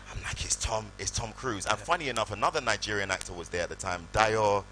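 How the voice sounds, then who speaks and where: A man, telling animated stories on stage at a live event. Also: lowish voice, fast talker, a little hiss or hum, poor audio. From United Kingdom. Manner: animated, acts out voices in anecdotes. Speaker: guest actor. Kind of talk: storytelling on stage. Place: live event hall with audience.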